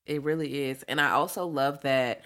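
Low-voiced woman, easygoing co-host. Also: steady tone, moderate pace, a bit bright. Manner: easygoing storyteller, plain-spoken. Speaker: podcast co-host. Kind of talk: casual movie review chat.

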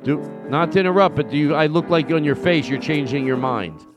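A man's voice: fairly high pitch, fairly quick, highs cut off, over music. A man hosting a podcast in casual comedic chat, playful and rambling as he teases his guest. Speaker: podcast host.

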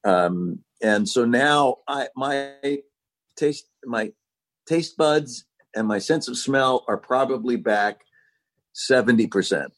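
A man talks as a guest on a podcast through his phone on a video call. He chuckles often and keeps a relaxed, self-deprecating tone. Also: medium pitch, slow pace, soft background music. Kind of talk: casual podcast chat. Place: home without power.

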